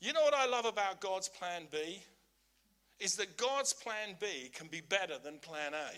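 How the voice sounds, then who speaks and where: Man preaching, high-pitched voice, very bright and piercing, emphatic, repeats key phrases. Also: expressive, a little slow. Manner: humorous asides with laughter. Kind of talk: sermon.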